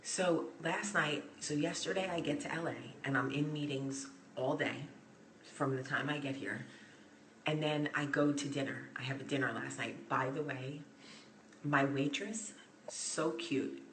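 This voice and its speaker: A woman in her thirties talking to viewers in a friend's apartment over a phone live stream, telling a story in an excitable, gushing way. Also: sits low, a little slow, a little hiss or hum. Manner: excitable, gushing, speeds up and gets loud as story builds. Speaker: vlog host. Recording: echoey room.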